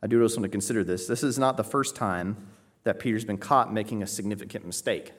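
A man's voice: lowish voice, fast. A man preaching an expository sermon, emphatic and explanatory, often checking in with "right?" and raising his voice when acting out quoted pleas. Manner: emphatic teaching, frequent "right?" check-ins. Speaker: pastor.

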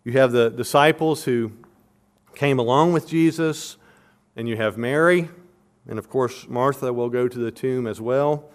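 A man's voice: mid-range voice, measured pace. A man giving an expository sermon, earnest and emphatic, repeating his questions for stress and explaining verses and verb tenses like a teacher. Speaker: preacher.

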